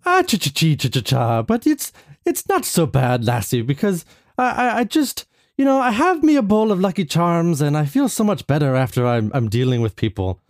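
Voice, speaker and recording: A man's voice: on the high side, very animated, normal speed, dry recording, clean studio sound, voice pushed up. A man putting on a jolly Irish-brogue rambler. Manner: lilting, rambling comic brogue.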